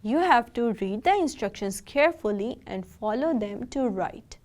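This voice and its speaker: A woman's voice: a little high, expressive, a little mellow. Patient woman teaching a lesson. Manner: patient, instructive, speaks directly to students; spells out words slowly. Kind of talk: recorded video lesson.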